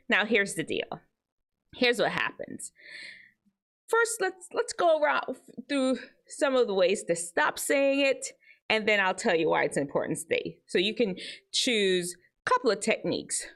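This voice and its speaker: Woman host, teen advice talk, very expressive swoopy pitch, chatty. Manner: animated, chatty, jumps between high and low tones. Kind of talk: casual advice talk to teens.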